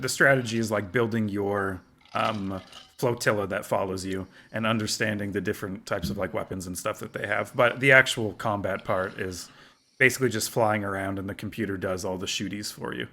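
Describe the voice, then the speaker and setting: A man's voice: fairly low pitch, pushed and bright. A man co-hosting a gaming podcast in casual chat, often laughing and quoting others in playful voices. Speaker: podcast co-host.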